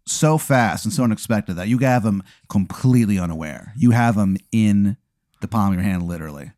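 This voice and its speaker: A man running an improvised story game, his lowish voice wandering through fillers and restarts. The sound is dry and close, with no room echo. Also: fairly quick, darkish tone. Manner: rambling, laughing, lots of fillers. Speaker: game master. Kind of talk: improvised tabletop narration.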